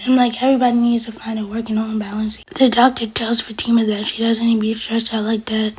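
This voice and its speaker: A woman's voice: fairly high pitch, flat delivery, fast talker, a little mellow, slight background noise. A woman casually recapping a TV episode as a reviewer, chatty and retelling what the characters said. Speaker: TV show reviewer.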